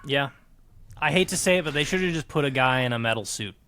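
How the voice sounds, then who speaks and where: A man's voice: medium pitch, expressive, fast, bright, forceful tone. A man co-hosting a podcast in casual chat, mostly agreeing in short replies. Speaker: podcast co-host.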